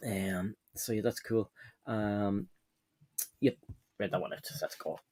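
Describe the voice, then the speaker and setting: A man's voice: fairly low pitch, steady tone, slow pace, darkish tone. A man hosting a casual live stream from home, chatting and reading viewer comments aloud, often correcting himself.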